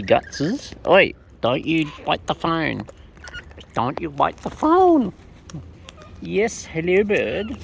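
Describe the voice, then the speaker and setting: A woman with a low, creaky voice coaxes wild birds in playful baby talk while she feeds them. The bird-feeding vlogger films outside on a hand-held phone kept close, and loud birdsong fills the recording.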